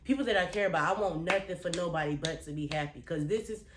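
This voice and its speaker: A fast-talking woman vlogger with a fairly low voice gives her viewers a heartfelt motivational talk that is blunt and profane, repeating phrases for weight. She's earnest and nearly in tears, and the audio is reverberant with a noisy background.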